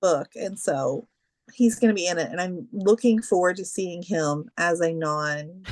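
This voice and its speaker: A woman's voice: on the low side, unhurried, no room sound. A woman co-hosting a podcast, chatting casually and rambling through stories. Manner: chatty, rambling, with many fillers. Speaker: podcast co-host. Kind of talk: casual chat.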